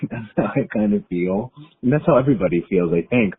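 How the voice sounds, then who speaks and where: A man's voice: lowish voice, animated, fairly quick, few pauses. A man in his thirties leaving a rambling, nervous, self-doubting voicemail. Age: 30s. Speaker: caller leaving an anonymous voicemail. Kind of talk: confessional voicemail monologue. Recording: tinny phone voicemail line.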